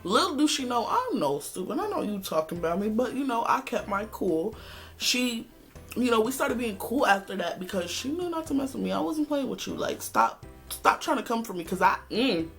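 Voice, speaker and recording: Sassy, animated woman telling a story. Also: fairly high pitch, moderate pace, gravelly, soft background music. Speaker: vlogger. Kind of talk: casual storytime vlog.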